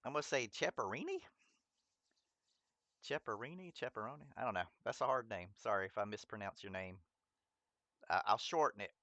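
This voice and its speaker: A man's voice: lowish voice, very animated, fairly quick, fairly bright tone, dry recording. A man streaming a mobile game, chatting casually with viewers, rambling, stumbling over their names and laughing at himself. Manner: chatty, talks straight to viewers in chat. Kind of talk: casual live-stream gameplay chat.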